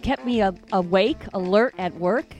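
A woman's voice: medium pitch, normal speed, darkish tone, faint music behind. A female radio co-host chatting casually and laughing easily on air. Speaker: radio morning show co-host.

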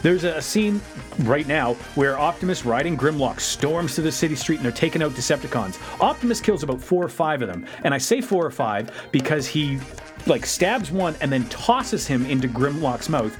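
A man picks apart a film scene by scene in a casual, sarcastic recap. His voice sits a little high and leaps around as he jokes. Faint music plays underneath. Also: moderate pace. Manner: sarcastic, animated, laughs often. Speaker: podcast co-host. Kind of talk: casual movie recap chat.

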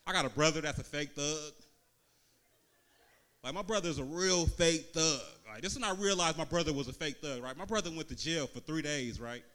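A man with a Bay Area accent doing a stand-up comedy set on a club stage, telling loose, slangy stories and slipping into quick quoted voices. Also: a little high, a bit bright. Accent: Bay Area Californian. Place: comedy club stage before a live audience.

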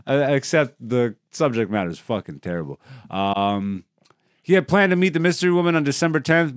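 A man co-hosting a podcast in casual, profane chat, loudly reading a news story aloud and laughing often. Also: medium pitch, no echo, studio quality. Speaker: podcast co-host.

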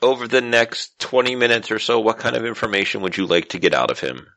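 Man, very low pitch, dry sound; game master narrating the scene at an easy pace. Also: fast talker, bright, forceful tone, dry recording, poor audio.

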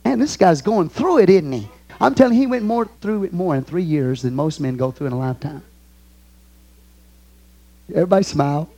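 Fervent Texan preacher, high lively voice. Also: male voice, brisk, long pauses. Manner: fervent, swings between booming and hushed, reads scripture aloud. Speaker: pastor. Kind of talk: sermon. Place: church sanctuary.

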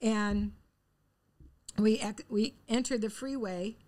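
A woman's voice: mid-range voice, steady tone, slow, dark tone. A middle-aged woman telling a long funny story in casual chat. She laughs often and acts out the dialogue.

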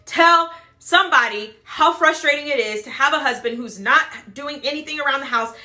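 A woman's voice: high-pitched, moderate pace, pushed and bright, reverberant. A woman giving casual advice to other moms, chatty, with a habit of tagging "right?" and acting out what people say. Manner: chatty, repeats "right?" and "blah, blah, blah"; acts out quoted voices. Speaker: mom advice vlogger. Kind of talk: casual advice talk to camera.

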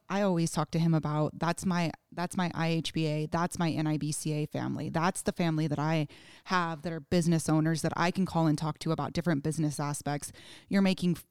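A woman guest on a podcast, talking in an upbeat, energetic way about her community involvement. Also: low voice, smooth, no room sound, clean studio sound. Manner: upbeat, energetic, quick to agree. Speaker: podcast guest, association leader. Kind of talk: casual podcast chat.

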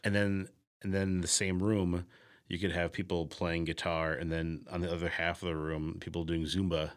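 Male podcast co-host, very low voice, rambly and self-mocking. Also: level tone, normal speed. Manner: rambling, self-deprecating, hesitant restarts. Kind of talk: casual chat.

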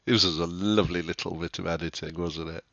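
A man co-hosting a podcast chimes in with short, agreeable remarks that often trail off. His voice is low. The recording is dull and lo-fi, and dry, with no room echo. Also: fairly even intonation, fast talker, vocal fry, a bit bright. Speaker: podcast co-host. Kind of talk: casual chat about a TV show.

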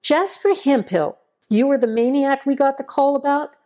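Stern male deputy in a storybook reading, curt and gruff, mellow low tone, as a woman narrator puts him on. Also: moderate pace, natural voice. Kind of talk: audio horror story reading.

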